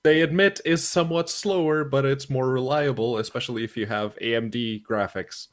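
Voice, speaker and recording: A man's voice: medium pitch, normal speed. A man co-hosting a casual gaming podcast, speaking with wry, dry sarcasm. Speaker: podcast co-host.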